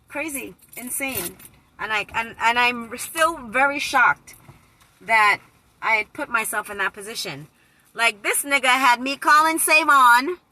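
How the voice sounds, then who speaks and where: Woman vlogger, phone mic, bright and a bit high, animated and profane storytime. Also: rough recording. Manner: animated, profane, slips into loud quoted voices. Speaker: vlogger reading live comments. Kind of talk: casual storytime chat.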